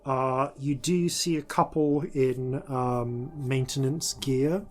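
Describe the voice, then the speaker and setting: A man's voice: medium pitch, steady tone, slow pace. A man serving as dungeon master, narrating a tabletop game with frequent ums and self-corrections.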